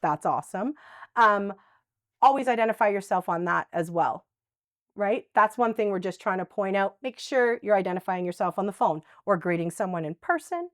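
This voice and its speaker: This workshop presenter talks about dementia to a live audience in a mid-range, animated voice at a moderate pace. She stays conversational, frequently tossing in "right?", and the recording is dry and studio-clean.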